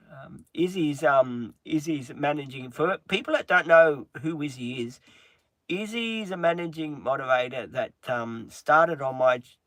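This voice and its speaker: A man chatting on a livestream in a halting, earnest way, with many pauses and restarts, openly upset. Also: mid-range voice, a bit bright, no room sound. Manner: halting, frequent ums and restarts. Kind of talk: casual livestream chat.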